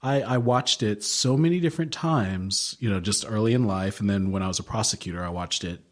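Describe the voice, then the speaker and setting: A man's voice: lowish voice, fairly quick. Man talking shop as a defense lawyer. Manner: animated, acts out quotes. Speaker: criminal defense attorney, podcast co-host. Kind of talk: casual chat.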